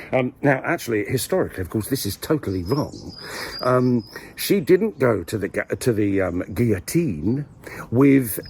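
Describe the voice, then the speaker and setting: A man talks in a loose, meandering monologue, recorded outdoors in a village graveyard. His voice is husky and mid-pitched, and he fills his pauses with ums while delivering dry, wry asides. It sounds like a casual vlogger musing to his viewers. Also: a little mellow. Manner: wry, dry humour, hesitant with many ums.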